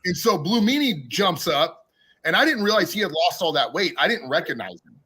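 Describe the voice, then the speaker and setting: Bright-voiced man telling wild stories. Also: sits high, fairly quick, breathy edge. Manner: animated, laughing storyteller. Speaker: podcast guest. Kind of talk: profane storytelling chat.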